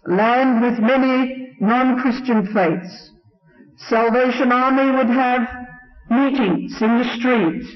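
English male preacher, earnest storyteller, unhurried delivery, echoey muffled old tape. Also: very high voice. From England. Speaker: Salvation Army preacher. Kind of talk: sermon. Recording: roomy, dull old recording.

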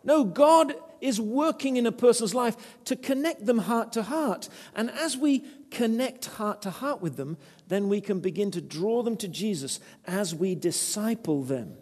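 A man's voice: high voice, animated, unhurried, few pauses, a little mellow, long reverb tail. A man preaching a sermon, earnest and conversational, telling personal stories. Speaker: preacher, former vicar.

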